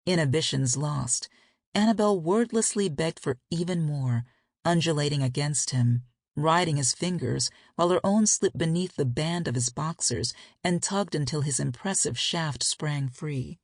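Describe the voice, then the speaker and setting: A woman narrating a romance audiobook in a steady, intimate storytelling voice. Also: deep voice, normal speed, no echo, clean studio sound.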